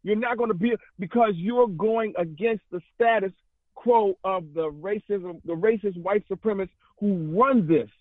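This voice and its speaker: This radio talk show caller has a high-pitched voice and speaks at a normal speed, heard dry through a tinny phone line. He rambles fierily and passionately, often going back over the same points.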